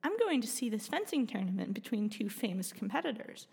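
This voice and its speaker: Woman reading a superior, snooty storybook deer, raised pitch, echoey room. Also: sing-song, a little fast, vocal fry, darkish tone, husky, full character voice. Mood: smug. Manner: smug, superior. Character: smug deer outside the fence.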